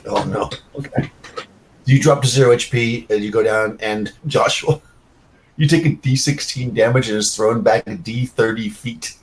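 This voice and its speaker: A man's voice: mid-range voice, normal speed, rough recording. A man running a tabletop game as game master, giving loose, chatty rulings with many fillers.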